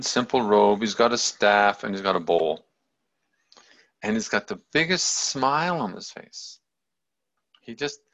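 A man's voice: medium pitch, sharp tone. A man telling a story in a loose, rambling, casual way, in a dull lo-fi recording. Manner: loose and rambling, many fillers and restarts.

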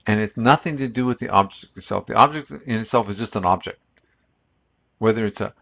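A middle-aged man speaks in a low, gravelly voice, drifting through a reflective spiritual talk with restarts and asides. The sound is thin and boxed-in, like audio over a phone line. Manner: rambling and reflective, many restarts. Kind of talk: relaxed spiritual talk with a story.

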